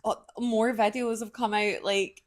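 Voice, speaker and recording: A Scottish woman co-hosting a relaxed podcast, her voice sitting fairly high. She talks in a chatty way, jumping in with quick asides. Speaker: podcast co-host. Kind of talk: casual chat.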